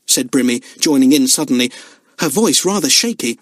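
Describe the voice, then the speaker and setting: A man's voice: medium pitch, moderate pace, no room sound. A man narrating a children's book expressively. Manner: expressive storytelling. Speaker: audiobook narrator.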